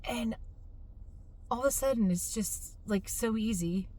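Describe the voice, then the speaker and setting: A woman's voice: fairly high pitch, unhurried, warm tone. A middle-aged woman chatting casually to camera in a vlog, exasperated and laughing at herself. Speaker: fitness business owner.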